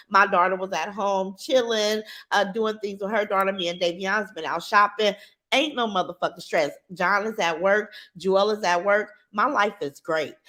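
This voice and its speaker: A woman's voice: mid-range voice, fairly bright tone. A middle-aged woman hosting a livestream, reading viewer comments and talking in a blunt, defiant, profane way. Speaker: livestream host.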